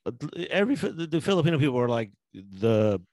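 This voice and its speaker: A man's voice: medium pitch, big pitch swings, fast, a little mellow, no room sound. A man co-hosting a podcast, talking in a loose, profane, rambling way and breaking into quoted asides. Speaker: podcast co-host. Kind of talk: casual podcast chat.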